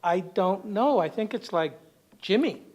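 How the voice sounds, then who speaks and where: A man quoting a brisk protective mother. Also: high voice, lively intonation, darkish tone. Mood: quoting mom. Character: protective mother, middle-aged woman, practical.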